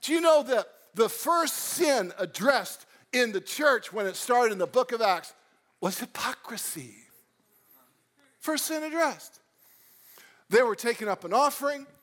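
A man preaching a sermon, animated, swinging between loud emphatic lines and quiet storytelling. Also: very high-pitched, a little slow. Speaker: pastor.

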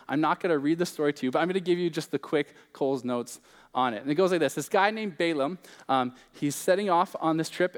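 Young man preaching, fairly high voice, casual and joking, long hall reverb. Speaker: pastor. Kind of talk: sermon.

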